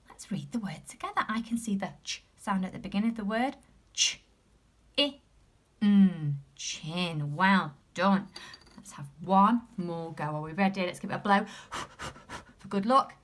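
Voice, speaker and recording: A woman with an English accent teaching a phonics lesson to young children, sounding out letters slowly and encouraging the class, sometimes dropping into a whisper. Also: mid-range voice, a bit bright. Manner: drops to a whisper at times.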